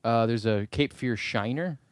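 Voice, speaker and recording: A man co-hosting a podcast in loose, comedic chat. He jokes, curses and laughs a lot, at a mid pitch. The sound is dry and close, with no room echo. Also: unhurried, smooth. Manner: joking, profane, laughs often. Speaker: podcast co-host.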